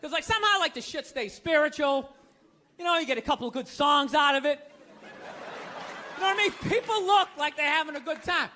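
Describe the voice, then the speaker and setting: A man doing a stand-up comedy set, ranting profanely and shouting his punchlines with incredulous disbelief. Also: extremely high pitch, expressive, fairly quick. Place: comedy club stage with audience. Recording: live stand-up with crowd noise. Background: audience laughter.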